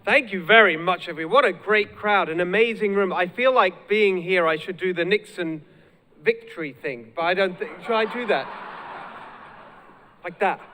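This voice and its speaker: A man with a British accent delivers a spirited speech, rallying the audience. His voice sits a little high. The sound carries a long reverb from a large hall. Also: normal speed. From United Kingdom. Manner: energetic, rallying the crowd. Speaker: guest speaker.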